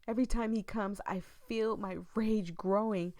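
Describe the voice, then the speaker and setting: A woman's voice: mid-range voice, fairly even intonation, normal speed, no echo, pitched above the performer's own voice, close to an everyday voice. A woman reading as a paranoid old mother. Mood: angry, fearful. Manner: hushed and intense, dropping into whispers. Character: elderly mother, paranoid, grieving, bitter. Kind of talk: dramatic reading of game text.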